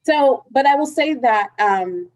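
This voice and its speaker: A woman's voice: high voice, animated, unhurried, darkish tone, poor audio. A woman, the show's producer, joining as a guest in a casual podcast chat, giggly and friendly.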